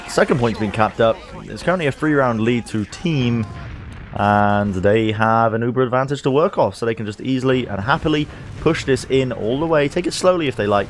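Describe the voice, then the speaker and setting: A male esports caster calling the action live, his voice rising sharply as the fights heat up. He sits at a headset mic over a faint hum and throws in playful asides between plays. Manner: energetic, climbs in pitch on big plays, jokey asides. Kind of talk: play-by-play commentary.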